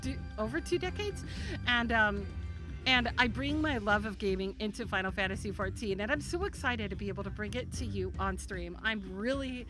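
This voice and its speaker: A woman in her thirties chatting on a live stream, bubbly and excitable, laughing a lot. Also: mid-range voice, normal speed, music in the background. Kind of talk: casual live-stream chat.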